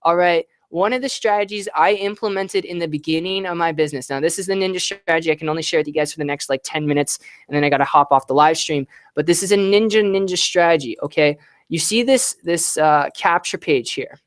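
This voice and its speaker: A man giving online business tips on a live stream, energetic and often checking in with "right?". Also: a little high, brisk, clear, resonant tone, no echo, clean studio sound. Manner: energetic, repeats "right?" and "all right".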